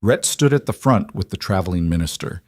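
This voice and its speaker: A man narrating a storybook western in an even storytelling manner. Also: low voice, fairly quick. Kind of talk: scripted narration.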